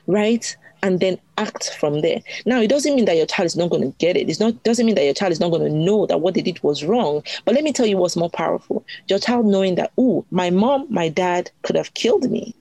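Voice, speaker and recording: A woman's voice: lowish voice, dark tone, dry recording, rough recording. A woman guest on a podcast giving parenting advice in an emphatic, teaching manner, repeating key phrases and acting out little scenes.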